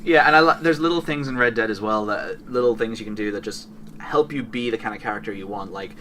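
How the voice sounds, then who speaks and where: Guy rambling excitedly about games on a podcast, bright tone, mic a little far. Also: fairly low pitch, fast, slight background noise. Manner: rambling, enthusiastic, self-correcting. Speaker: podcast co-host. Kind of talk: casual gaming chat.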